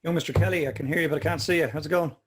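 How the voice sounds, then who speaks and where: Jovial host, slightly high voice. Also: male voice, steady tone, racing, husky. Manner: jovial, welcoming. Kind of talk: casual chat on video call.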